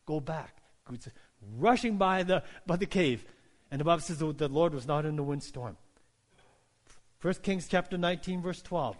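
A male pastor preaching a sermon, moving from hushed, quiet passages to loud, rising calls and asking the congregation questions. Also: a little high, expressive, normal speed. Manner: asks the congregation questions, repeats phrases.

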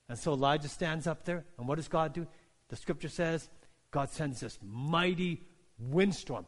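A male pastor preaching a sermon, moving from hushed, quiet passages to loud, rising calls and asking the congregation questions. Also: on the high side, moderate pace. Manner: asks the congregation questions, repeats phrases.

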